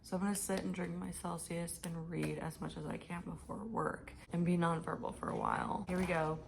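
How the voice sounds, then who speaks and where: A young woman with a lowish voice, vlogging in a tired, low-key way. She chats casually, mumbles a little and trails off. A faint hiss sits under the recording. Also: very animated, fairly quick, vocal fry. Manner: chatty and rambling, with fillers. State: out of breath. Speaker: booktube vlogger. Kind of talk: casual vlog chat.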